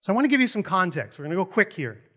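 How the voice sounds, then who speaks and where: A middle-aged man preaching a sermon in a high, bright voice. He swings up and down in pitch as he talks. He keeps it conversational and throws in jokey asides to the people in front of him. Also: sing-song, racing. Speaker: pastor.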